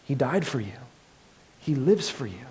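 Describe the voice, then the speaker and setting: A man preaching a sermon as pastor, earnest, moving between loud emphatic passages and soft hushed ones. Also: medium pitch, big pitch swings, unhurried, breathy edge. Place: church.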